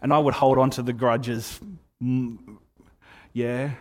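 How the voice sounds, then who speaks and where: A man's voice: medium pitch, a little slow, breathy edge. Man preaching in a reverberant hall. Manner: conversational, animated storytelling with asides. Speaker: pastor. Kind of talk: sermon.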